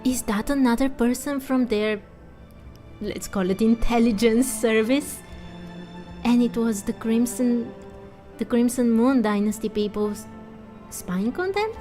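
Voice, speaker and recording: A woman's voice: on the high side, measured pace, long pauses, dark tone, faint music behind. A woman chatting casually while playing, reacting and asking questions about the story. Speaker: gameplay commentator. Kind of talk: casual game commentary.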